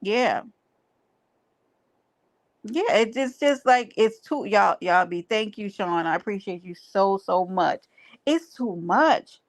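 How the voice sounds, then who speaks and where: Gravelly woman preaching to her livestream chat. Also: mid-range voice, animated, slow pace, long pauses. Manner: preachy, emphatic, repeats phrases. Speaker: livestream host. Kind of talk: casual livestream talk to chat.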